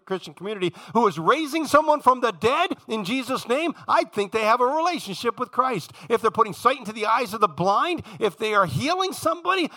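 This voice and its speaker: High, bright-voiced impassioned male preacher. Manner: impassioned, swings from loud emphasis to hushed low tones; addresses congregation directly. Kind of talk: sermon.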